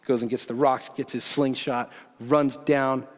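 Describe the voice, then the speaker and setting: A man preaching a sermon as pastor, telling the story in a casual, animated way with bursts of excitement. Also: mid-range voice, a little slow. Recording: long hall reverb.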